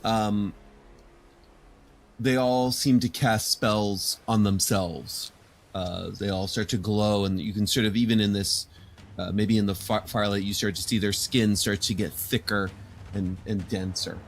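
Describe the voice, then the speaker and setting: A man narrating a tabletop game as game master, slow and measured, with many fillers. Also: lowish voice, fairly even intonation.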